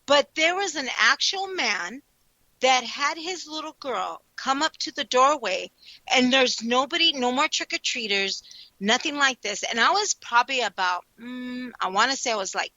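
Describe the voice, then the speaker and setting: A woman co-hosting a radio show, telling stories in an animated, expressive way. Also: high voice, moderate pace, no echo, lo-fi sound. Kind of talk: casual chat.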